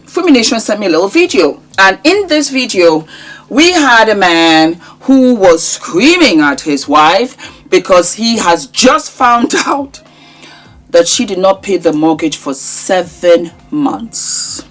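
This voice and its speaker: A woman with a fairly low voice hosts a casual vlog. She speaks to her viewers warmly and with a lot of life, sometimes slipping into a little sung phrase. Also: measured pace. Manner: affectionate, animated, sings words at times. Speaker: vlogger host.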